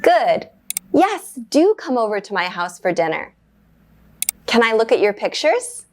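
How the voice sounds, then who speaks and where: A woman teaching an English grammar lesson, explaining in a clear, measured way and giving short upbeat praise after each exercise. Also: fairly high pitch, big pitch swings, a little hiss or hum.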